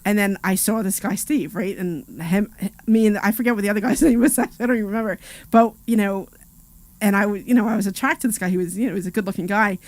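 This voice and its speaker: A woman's voice: medium pitch, fast talker, darkish tone, no room sound. A woman co-hosting a live finance radio show, telling rambling stories full of "you know" and "like" and laughing often. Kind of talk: casual radio chat.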